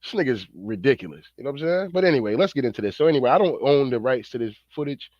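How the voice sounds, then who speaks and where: A man's voice: mid-range voice, animated, quick pace, a little mellow, no room sound, highs cut off. Fired-up profane male commentator. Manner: slangy, profane, fired-up, rambling. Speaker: online commentator.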